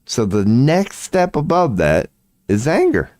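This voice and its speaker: A man's voice: medium pitch, wildly swooping pitch, slow pace, darkish tone, no echo. A tired man rambling indoors at home in a late-night vlog, profane, slangy and laughing at himself. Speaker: vlogger.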